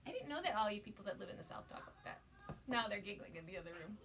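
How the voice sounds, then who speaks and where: A woman demonstrating a craft project on a live stream, gushing with excitement and greeting viewers by name. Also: mid-range voice, fast, far from the mic, a little hiss or hum.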